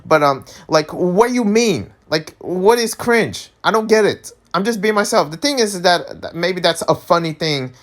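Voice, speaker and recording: A man vlogging in a casual rant, animated and exasperated, laughing often and tripping over his words. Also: moderate pace, few pauses. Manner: animated, exasperated, pitch jumps high when worked up.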